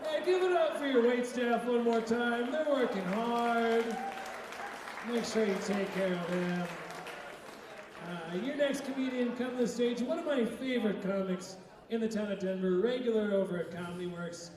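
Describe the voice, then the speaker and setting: High-pitched man emceeing a rowdy club. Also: moderate pace. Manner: loud, hyping up the crowd. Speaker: comedy show host. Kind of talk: emceeing a live show. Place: comedy club stage. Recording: echoey hall, far mic, crowd noise.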